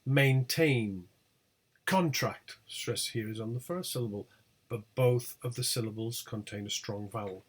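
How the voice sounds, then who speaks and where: A man teaching a recorded pronunciation lesson, reading out example words one by one with clear, deliberate delivery. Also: lowish voice, steady tone. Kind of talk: recorded lecture over slides.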